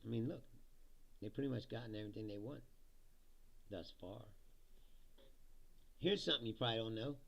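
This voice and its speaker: A man's voice: fairly low pitch, fairly quick, creaky, long pauses, a bit bright, muffled recording. A man hosting a livestream, giving a casual, profane political rant with sarcastic asides and chuckles at his own jokes.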